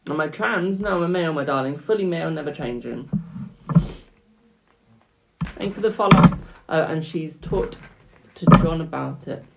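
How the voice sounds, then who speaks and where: A man's voice: fairly high pitch, moderate pace, vocal fry, heavy background noise. A young British man doing tarot readings on a live stream, chatting casually and calling viewers "my darling".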